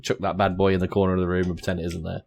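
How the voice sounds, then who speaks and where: A man's voice: deep voice, little pitch movement, very fast, creaky, darkish tone. A man co-hosting a casual podcast, laid-back and jokey, swearing casually. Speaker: podcast co-host.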